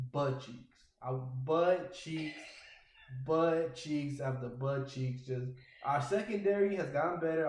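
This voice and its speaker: A man's voice: on the high side, echoey room, poor audio. Ranting man hosting a sports podcast. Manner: animated, exasperated ranting. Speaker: podcast host. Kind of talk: casual sports podcast rant.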